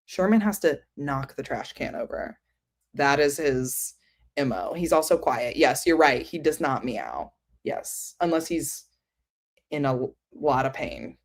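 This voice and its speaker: A woman with a low, deep voice hosts a casual book livestream. She rambles in a loose, chatty way, full of "um" and "like", and answers her viewers as she goes. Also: expressive, a little slow. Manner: many fillers like "um" and "like". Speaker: book streamer.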